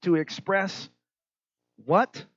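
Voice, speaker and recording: A middle-aged man preaching a sermon as pastor, animated and acting out kids and parents in little voices. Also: high voice, very slow, dry recording, lo-fi sound.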